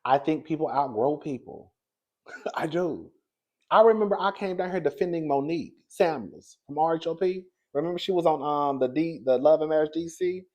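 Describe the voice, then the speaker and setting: A sassy man talks gossip straight to his viewers in a casual, chatty way, with a voice that sits a little high for a man. He drops into low murmurs, then jumps up into high, excited bursts, and keeps calling his audience "girl.". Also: normal speed. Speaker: celebrity gossip commentator. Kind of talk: casual commentary to camera.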